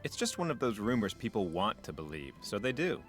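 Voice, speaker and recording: An actor playing a formal, dutiful park ranger in a mystery game, speaking in measured, proper sentences. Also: male voice, fairly low pitch, very animated, faint music behind.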